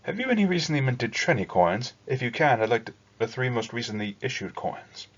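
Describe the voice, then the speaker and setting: A man voicing a shrewd, guarded male travelling merchant who talks briskly about business. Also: mid-range voice, sing-song, dull audio, voice pushed up. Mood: businesslike.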